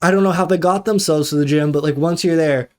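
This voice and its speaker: A man with a slightly high voice hosts a solo tech podcast. He tells his story in a loose, ranting way and acts out the quoted lines as he goes. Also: fast. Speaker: podcast host. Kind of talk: casual solo podcast monologue.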